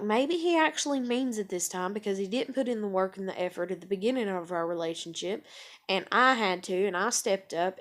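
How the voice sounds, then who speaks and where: A woman talking frankly in a personal vlog, rambling and swearing freely. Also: mid-range voice. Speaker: vlogger.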